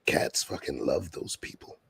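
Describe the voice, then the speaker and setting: A man hosts a casual streamed chat, speaking low and gravelly. His voice is a little husky, and the sound is dry and close. He tells long, easygoing stories in street slang. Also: animated, measured pace, a bit bright, no room sound. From Brooklyn, New York. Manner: laid-back storytelling in street slang. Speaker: show host.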